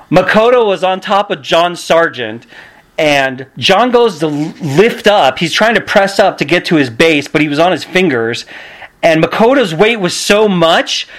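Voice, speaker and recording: A man who is a podcast guest and pro wrestler, telling stories in an animated way and acting out the people he quotes. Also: on the high side. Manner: acts out quotes with loud shouts and shifts. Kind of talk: animated storytelling.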